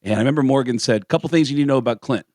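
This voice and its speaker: A man co-hosting a radio talk show, telling stories in a lively way and acting out the people he quotes. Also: mid-range voice, very fast, no echo, studio quality. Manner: animated storyteller acting out quotes in voices. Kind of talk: casual storytelling chat.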